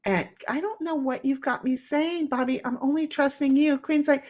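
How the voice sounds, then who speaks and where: A woman's voice: high-pitched, moderate pace, a little mellow. A woman hosting a casual livestream, reading chat messages aloud in playful voices and rambling with many restarts while she paints.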